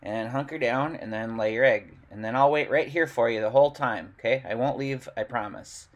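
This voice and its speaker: A man's voice: medium pitch, moderate pace, close to an everyday voice. A man voicing a bossy know-it-all hen.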